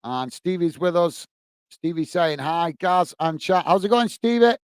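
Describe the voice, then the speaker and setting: A man's voice: fairly high pitch, lively intonation, unhurried, smooth, no room sound. A man from the UK hosting a casual football watch-along stream, chatting to viewers with lots of fillers and friendly greetings, a bit out of breath. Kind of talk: casual live-stream chat reading viewer comments.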